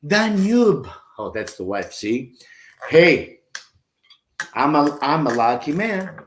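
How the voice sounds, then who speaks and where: Male drum teacher, chatty and slow-spoken, recorded in an echoey room with drumming. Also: medium pitch, big pitch swings. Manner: chatty, scats drum patterns aloud. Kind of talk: live online drum lesson. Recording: roomy, with drumming behind.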